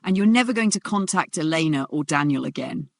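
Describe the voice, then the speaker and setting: A narrator voicing a cold, quietly menacing crime boss who speaks level and calm, in a narrated drama story. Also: medium pitch, fairly quick, gravelly, dry recording. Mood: cold threat.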